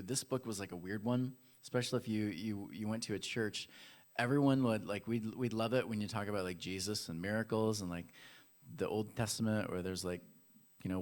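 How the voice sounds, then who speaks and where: A man preaching a casual, playful sermon in a church, talking straight to the congregation. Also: on the low side. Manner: playful, chatty, addresses the congregation directly. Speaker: pastor. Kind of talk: casual sermon with audience games. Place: church hall.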